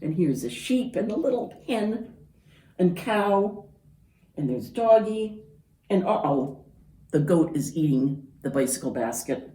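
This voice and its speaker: A woman's voice: fairly low pitch, very animated, unhurried, pauses often, dark tone. A woman librarian reading a picture book aloud to children, pointing out the pictures as she goes. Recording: roomy, from far off.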